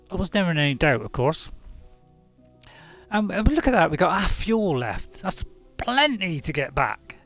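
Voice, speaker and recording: Middle-aged male host, chatty gameplay commentary, lively pitch, gravelly. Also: unhurried, long pauses, faint music behind. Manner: rambling, chatty, chuckling asides. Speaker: gaming channel host.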